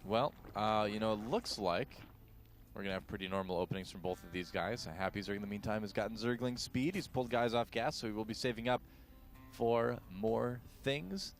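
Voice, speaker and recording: A man's voice: lowish voice, fairly quick, soft background music. A man giving analytical color commentary on a strategy game match, chatty and wry. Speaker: esports co-caster.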